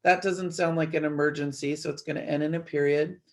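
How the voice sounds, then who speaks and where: A woman teacher giving an online grammar lesson from her desk, explaining each step clearly with light playful asides to her students. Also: low-pitched, moderate pace, darkish tone. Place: at a desk, screen-sharing a worksheet.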